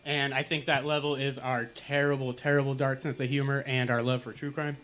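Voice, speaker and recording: A young man doing a stand-up comedy set on a small lounge stage, telling dark jokes in a deadpan way. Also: mid-range voice, a little fast, noisy background. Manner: dark deadpan jokes, acting out pained groans.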